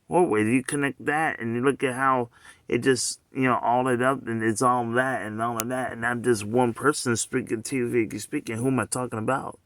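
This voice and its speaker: A man at middle pitch, talking in a loose, rambling way straight to the camera. He keeps circling back with rhetorical questions and filler phrases. His voice is close and dry, with no room echo. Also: steady tone, moderate pace, a bit bright. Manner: loose and conversational, heavy on "you know what I'm saying".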